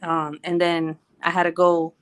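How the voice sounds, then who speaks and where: A woman's voice: lowish voice, level tone, a little slow, smooth. A woman chatting casually on a home livestream, rambling and laughing often. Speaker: livestream host.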